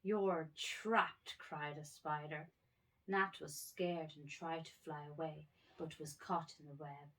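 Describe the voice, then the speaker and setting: A woman reading children's animal stories aloud at bedtime, gentle with small slips. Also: sits low, level tone, a little slow.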